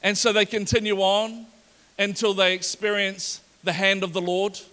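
A middle-aged male pastor preaching a sermon with lively energy, reading scripture aloud with rising emphasis. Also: high voice, moderate pace. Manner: energetic, animated preaching to a congregation.

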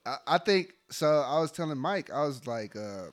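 A young man in casual chat, laid-back and slangy, often trailing off into a quiet mumble. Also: fairly high pitch, lively intonation, moderate pace.

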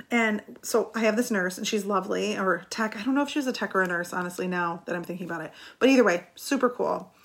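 A middle-aged woman talking to her viewers, recounting a personal story in an animated, chatty way and laughing now and then. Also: mid-range voice. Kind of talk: casual storytelling.

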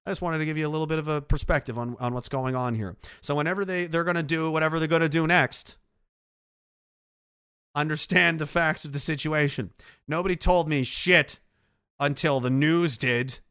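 A man streams casually, reading chat messages aloud in a sarcastic, rambling way packed with fillers. His voice is fairly high, fairly bright, and smooth, with fairly even intonation and a moderate pace. The recording is studio quality with no room sound.

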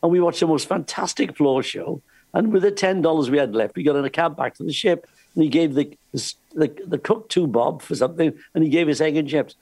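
An older man spins cruise-ship yarns in a slightly husky, raised voice. He laughs often and trips over his words as the story runs ahead of him. The sound is close and dry. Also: on the high side, fairly quick, darkish tone, no room sound. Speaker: cruise ship entertainer telling stories. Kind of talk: anecdotal chat.

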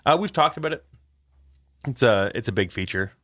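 A man's voice: medium pitch, animated, fairly quick, fairly bright tone, no room sound. Jokey male podcast co-host, dry sound. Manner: jokey, laughs often, throws in silly put-on accents. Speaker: podcast co-host, game developer. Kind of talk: casual chat.

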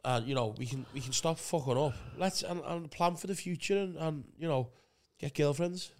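A man's voice: on the high side, moderate pace, a little mellow, a little hiss or hum. A young man from the North of England, a podcast co-host, giving mock-earnest advice in casual banter.

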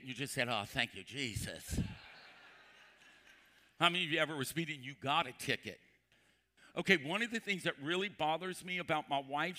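A male pastor preaching a sermon to a congregation, emphatic, slowing down to repeat scripture and quizzing his listeners. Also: a little high, pushed and bright. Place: church before a congregation.

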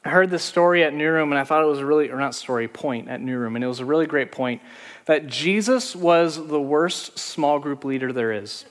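A man's voice: a little high, fairly quick, in a large hall. A man preaching a sermon as pastor, telling stories in a conversational way.

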